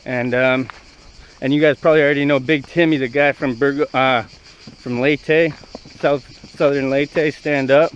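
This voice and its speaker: A man's voice: medium pitch, fairly even intonation, a little slow, lo-fi sound, a little hiss or hum. A young man from Canada vlogging casually outdoors at ancient ruins, rambling and swearing as he walks. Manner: brash, profane, rambling banter. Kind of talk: casual walking vlog.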